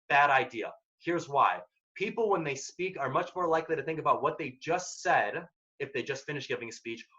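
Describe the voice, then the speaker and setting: A man with a bright, forceful, somewhat high voice lectures students on workplace habits. He talks in a direct, emphatic, casual way. The recording sounds dull and lo-fi. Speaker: workshop presenter. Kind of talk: career advice lecture.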